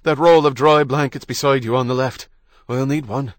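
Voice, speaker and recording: Guy doing calm husband voice, firm and reassuring, dry close recording. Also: medium pitch, normal speed, dry recording, natural voice. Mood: urgent. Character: calm steady husband delivering a baby. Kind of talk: audiobook character voice.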